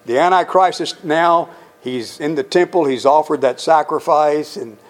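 Guy teaching bible verses, fairly high voice, punchy and chatty, keeps quizzing the room. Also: normal speed. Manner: emphatic, conversational, quizzes listeners.

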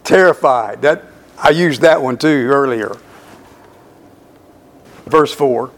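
A male pastor preaching slowly through a Bible passage, stressing key words and repeating lines for emphasis. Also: medium pitch. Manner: slow, emphatic Bible exposition. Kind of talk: sermon.

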